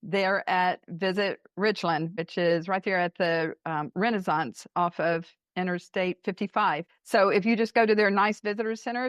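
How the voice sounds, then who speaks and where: Animated woman telling travel stories. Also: medium pitch, dry recording, highs cut off. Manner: animated storyteller, laughs and speeds up. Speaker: travel writer guest. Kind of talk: casual interview storytelling.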